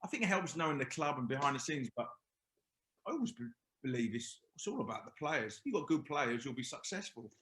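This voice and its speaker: A man's voice: mid-range voice, very animated, fairly quick, a bit bright. A middle-aged man, a former footballer guesting on a podcast, telling rambling stories full of restarts. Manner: rambling, many restarts and quoted asides. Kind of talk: casual chat, storytelling. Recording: roomy echo.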